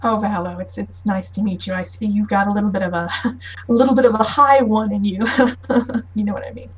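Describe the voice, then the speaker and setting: A woman voicing an eccentric, mysterious male high elf who greets guests flamboyantly and hesitantly. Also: steady tone, fairly quick, husky, distant mic, natural voice, low-quality recording.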